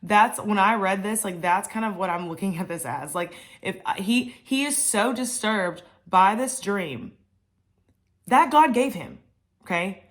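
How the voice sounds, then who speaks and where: A woman's voice: mid-range voice, animated, unhurried. Chatty woman musing on scripture. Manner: chatty, many fillers and asides. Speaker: Bible study vlogger. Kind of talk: casual Bible reflection.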